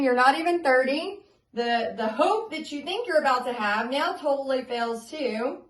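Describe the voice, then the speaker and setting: A woman, a paint party instructor telling her story to viewers in a candid, animated way, laughing often. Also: fairly high pitch, low-quality recording.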